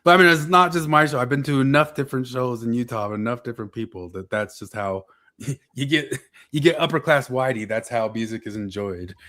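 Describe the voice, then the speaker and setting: Laid back guy chatting on a podcast, mid pitch, lots of ums. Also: brisk. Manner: relaxed, offhand, many fillers like "um" and "you know". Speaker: podcast co-host. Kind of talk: casual chat.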